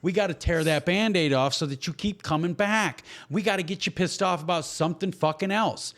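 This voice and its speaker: A man's voice: high voice, a little fast, a bit bright. Blunt, heated man swearing freely. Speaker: podcast host. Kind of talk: casual profane podcast talk.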